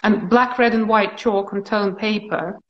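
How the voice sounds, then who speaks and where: A woman artist answering interview questions in a thoughtful, halting way, with frequent pauses and restarts. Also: medium pitch, steady tone, muffled recording.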